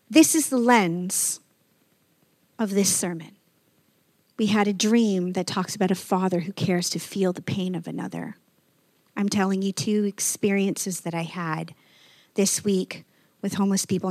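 A woman's voice: mid-range voice, dry recording. A woman pastor preaching a sermon, telling stories in a conversational way and reading scripture with emphasis.

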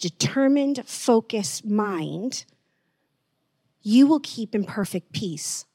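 A woman preaching gently in an online sermon, slowing down to stress words and dropping almost to a whisper. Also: a little high, no room sound, studio quality. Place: online church service.

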